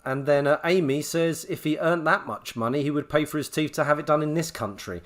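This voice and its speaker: A man's voice: on the high side, fairly quick. A man co-hosting a casual podcast chat, laughing often and reading out listener comments. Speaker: podcast co-host.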